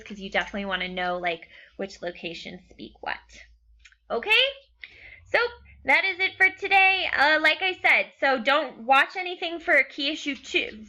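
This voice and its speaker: A woman's voice: on the high side, bright, forceful tone. A young woman teacher giving a recorded class lecture, chatty and casual, often checking in with "okay". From United States.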